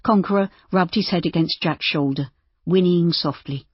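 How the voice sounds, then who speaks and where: A woman narrates a story with a low, husky voice in a steady, even way. The recording sounds dry and a little dull. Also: moderate pace, no echo. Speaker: audiobook narrator. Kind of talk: scripted narration.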